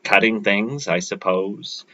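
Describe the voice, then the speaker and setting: A man's voice: fairly low pitch, takes it slowly, bright, forceful tone, lo-fi sound, heavily acted. A man reading aloud, voicing an awkward, anxious office worker who lives alone. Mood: flustered. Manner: awkward, flustered.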